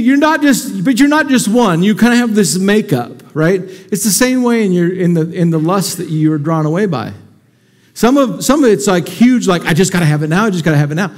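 A man's voice: high-pitched, darkish tone. A man, a pastor, preaching a conversational sermon to his congregation and often asking them questions. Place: church sanctuary before a congregation.

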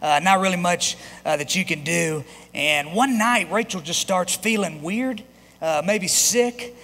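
Recorded in a church sanctuary with large-hall reverb, a man in his thirties speaks high, bright and pushed, a little slowly. He's a pastor sharing a personal story in his sermon, chatty and frequently starting over.

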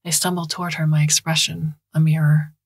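A woman reading a science fiction story aloud as podcast narrator, in a measured, even manner. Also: low voice, breathy edge, no echo, clean studio sound. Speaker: audiobook narrator.

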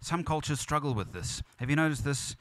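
In a church or funeral venue, a man with a higher-pitched voice delivers a funeral sermon as pastor, speaking a little fast on a dry recording. His preaching is earnest and repetitive, building up emphasis.

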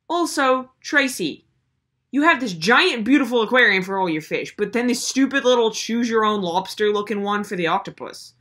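Brief: young woman, comedic video host, sarcastic exasperated rant, very animated pitch. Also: moderate pace. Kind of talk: comedic commentary.

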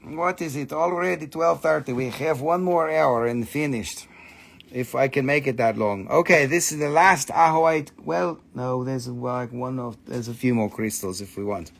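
Gravelly, playful man selling crystals live. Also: moderate pace. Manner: playful, joking and profane, with non-native phrasing; animated, jumps between teasing and pitching. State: tired late at night. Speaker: crystal seller hosting a live sales stream. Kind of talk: casual live sales chatter.

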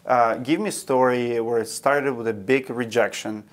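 A man's voice: mid-range voice, fairly even intonation, normal speed. A man with a Russian accent, a podcast host, asking short direct questions. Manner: brief reactions and direct questions. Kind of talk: interview questions.

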